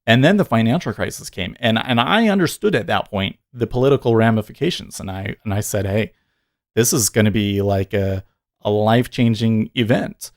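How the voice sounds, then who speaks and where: A man in his thirties hosts a casual day trading livestream, his voice sitting a little low. He rambles earnestly, correcting himself as he goes. The sound is dry and close. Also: normal speed, no echo. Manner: rambling, earnest storytelling with frequent self-corrections.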